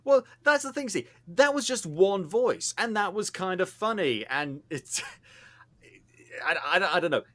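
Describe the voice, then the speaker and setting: Lively, bright-voiced man chatting on a podcast. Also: high voice, measured pace. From not American. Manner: animated, emphatic and teasing. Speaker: podcast co-host. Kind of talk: casual podcast chat.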